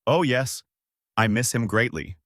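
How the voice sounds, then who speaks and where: A man's voice: medium pitch, expressive, a little slow, a bit bright, no room sound, clean studio sound. A man voicing a huge, burly, kindly king with a hearty, talkative manner.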